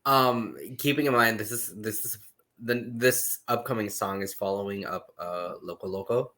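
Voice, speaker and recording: A man co-hosting a podcast, talking in a relaxed, casual way with some hesitations. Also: fairly low pitch, moderate pace. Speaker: podcast co-host.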